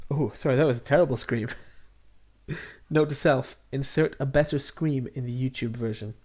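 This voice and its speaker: A man's voice: mid-range voice, normal speed, darkish tone. A man giving casual commentary as a streamer while playing a game, chatty with self-mocking asides. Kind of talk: casual let's-play commentary.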